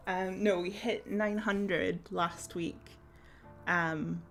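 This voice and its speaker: A woman chatting casually with her viewers on a game live stream, giggly and rambling with lots of ums. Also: lowish voice.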